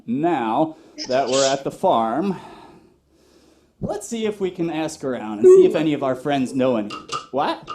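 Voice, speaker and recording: A man hosting an interactive children's show, playful and animated, talking straight to the kids. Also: mid-range voice, normal speed, noisy background. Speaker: children's entertainer. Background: drum music.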